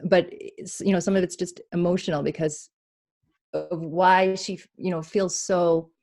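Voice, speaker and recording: Speaking at a measured pace in a fairly low voice, a woman healer offers a spiritual reading on a talk show. Her delivery is animated, full of laughter and acted-out inner voices.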